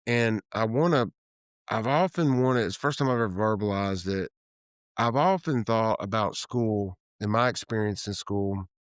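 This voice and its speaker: A man's voice: fairly low pitch, moderate pace, clean tone, no room sound, studio quality. A man in his fifties from Tennessee, a guest in an interview, telling candid stories and acting out the people he quotes, often trailing off and restarting. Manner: animated storyteller who acts out quoted dialogue, trails off and restarts. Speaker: guest, real estate developer. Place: office room.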